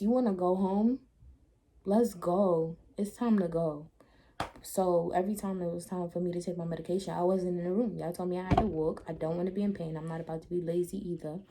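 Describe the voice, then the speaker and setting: A young woman telling a casual storytime to her camera, blunt and animated, with slangy asides. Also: lowish voice, a little hiss or hum. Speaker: vlogger.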